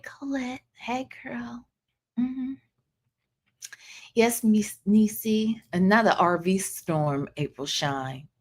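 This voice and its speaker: A woman's voice: high-pitched, sharp tone. A woman hosting a casual livestream, chatting and greeting viewers by name. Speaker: livestream host.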